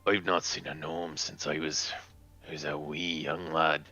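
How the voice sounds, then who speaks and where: A man voicing a gruff male dwarf innkeeper with a put-on Scottish accent. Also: rumbling low, little pitch movement, unhurried, sharp tone, faint music behind, full character voice.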